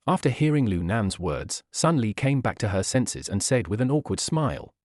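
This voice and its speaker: Man reading a story, lively pitch, dry sound. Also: normal speed, no echo. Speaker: narrator. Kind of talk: scripted narration of a web novel.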